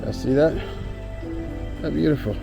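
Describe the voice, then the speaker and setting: A man with a fairly high voice and vocal fry speaks at normal speed over music, panting on a rural trail climb. His casual travel vlog, recorded on a handheld camera, is easygoing, with frequent chuckles and greetings to locals.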